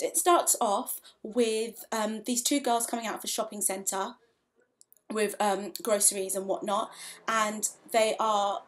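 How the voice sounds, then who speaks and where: Chatty young woman reviewing a TV episode. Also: a little high. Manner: chatty, frank, with playful asides and many fillers. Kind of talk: casual spoken review.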